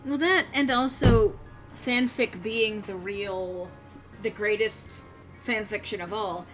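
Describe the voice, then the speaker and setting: A woman's voice: mid-range voice, steady tone, slow, fairly bright tone, faint music behind. A woman streamer chatting playfully and casually with a friend during a game stream.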